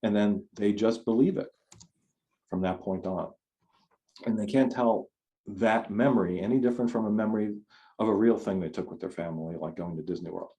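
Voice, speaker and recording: Over a video call, a man gives a conversational online forum talk, rambling and frequently restarting his sentences. His voice is lowish with a dark tone, and he speaks briskly.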